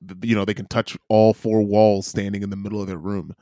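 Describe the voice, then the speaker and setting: A man's voice: lowish voice, flat delivery, fairly quick, dark tone, dry recording. A man chats casually on a podcast, teasing his co-host and laughing often. His voice sounds dry and close, with no room around it. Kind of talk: casual chat. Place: lives in Wellington.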